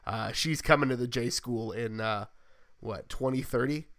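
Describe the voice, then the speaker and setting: A man's voice: mid-range voice, normal speed, fairly bright tone. A man in his thirties co-hosting a sports podcast, with wry, dry humor in casual chat. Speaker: podcast co-host.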